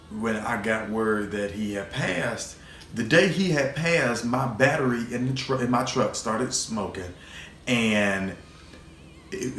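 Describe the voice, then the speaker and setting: A man hosting his own vlog tells a personal story in a rambling, emotional way, repeating words and swearing now and then. His voice is lowish with a fairly bright tone, recorded with a roomy echo and faint background noise.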